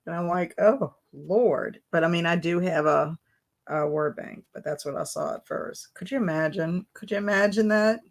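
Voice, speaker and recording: A woman's voice: lowish voice, normal speed. A woman hosting a casual live stream, reading chat comments aloud and breaking into laughing fits. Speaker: livestream host.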